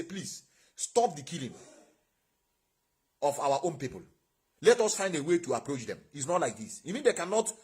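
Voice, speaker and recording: Husky, preachy Nigerian man. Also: a little high. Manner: preachy, rhetorical, addresses viewers directly. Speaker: online show host. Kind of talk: impassioned livestream talk.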